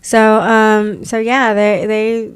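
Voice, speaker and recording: A woman's voice: mid-range voice, slow, smooth, dry recording. A woman in her thirties, a podcast guest, chatting casually and animatedly, acting out voices in her stories. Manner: animated, mimics voices in anecdotes. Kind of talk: casual chat.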